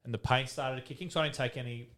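Fast-talking and fairly bright in tone, this Australian man in his thirties has a mid-range voice and fairly even intonation. He's a retired footballer guesting on a casual podcast, sharing frank, meandering stories with plenty of laughter and swearing.

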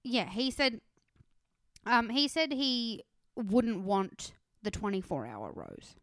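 A woman's voice: fairly high pitch, lively intonation, takes it slowly, a bit bright, no echo, studio quality. Chatty woman recapping a dating show. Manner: chatty, laughing, playful impressions. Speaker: podcast co-host. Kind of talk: casual chat recapping a reality dating show.

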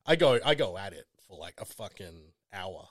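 A man's voice: sits low, very animated, moderate pace, dry recording. A man telling a crude story in casual chat, swearing constantly and laughing a lot.

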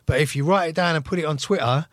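A man's voice: fairly high pitch, fast, no room sound, studio quality. A man, a comedian co-hosting a podcast in laid-back, teasing, sweary banter.

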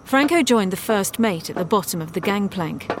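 A woman narrating a science fiction story aloud at a measured pace. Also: medium pitch, expressive, background noise.

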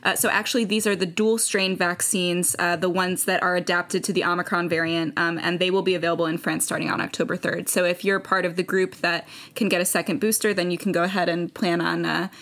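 A woman co-hosting a casual news podcast, upbeat and animated, with frequent fillers. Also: on the low side, fairly quick, hardly any pauses. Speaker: podcast co-host.

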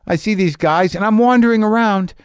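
A man's voice: high voice, fairly quick, clear, resonant tone, dry recording. A man hosting a podcast from a garage studio, telling a rambling, self-deprecating story with plenty of swearing. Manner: profane, self-deprecating, restless. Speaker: podcast host. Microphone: studio mic with headphones. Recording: dry, close studio sound.

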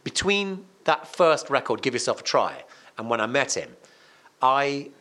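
Animated man telling a story. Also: medium pitch, measured pace. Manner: animated and emphatic, frequent restarts and repetitions. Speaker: radio presenter and songwriter as podcast guest. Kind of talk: casual conversational storytelling.

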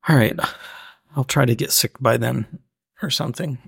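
A gravelly Southern man co-hosts a podcast, chatting casually in a teasing, deadpan way. His voice is mid-range at a moderate pace, and the recording is dry, clean studio sound.

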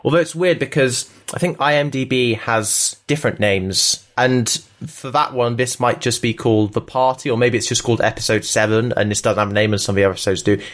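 A man's voice: medium pitch, fairly quick, few pauses, fairly bright tone. A young man co-hosting a podcast, talking with eager enthusiasm and explaining things at length in casual chat. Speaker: podcast co-host.

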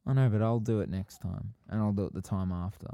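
A man hosting a podcast and running a tabletop game, talking in an easygoing, drawn-out way. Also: fairly low pitch, fairly even intonation, vocal fry, warm tone, no room sound, studio quality. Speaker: podcast host and game master. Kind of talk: casual chat.

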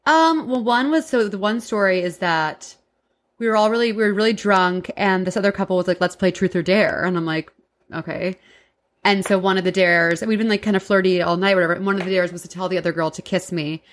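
A woman's voice: medium pitch, quick pace. A woman guest on a podcast telling candid, funny stories in casual chat. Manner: candid, laughing storyteller.

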